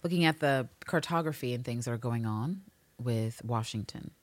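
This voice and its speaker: A woman's voice: rumbling low, no echo. A woman from New York co-hosting a podcast, swearing freely and slipping into voices as she recaps a TV series. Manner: profane, animated storytelling, quick to put on voices. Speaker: podcast co-host. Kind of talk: casual chat recapping a TV series.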